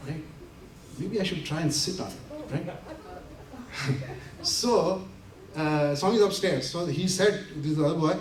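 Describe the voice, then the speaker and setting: A man's voice: fairly high pitch, measured pace, slight background noise. Laughing man telling stories in a hall. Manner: animated, laughing often while acting out quotes. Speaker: invited speaker. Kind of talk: storytelling talk to an audience. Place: community center hall. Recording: roomy hall from a distance, faint ambience.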